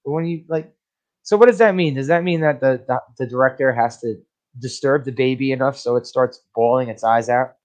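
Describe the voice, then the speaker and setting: A man co-hosting a relaxed movie podcast, with a middle-pitched voice. He talks bluntly and swears freely, getting animated as he rants about what he watched. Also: fairly quick. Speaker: podcast co-host. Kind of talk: casual movie review chat.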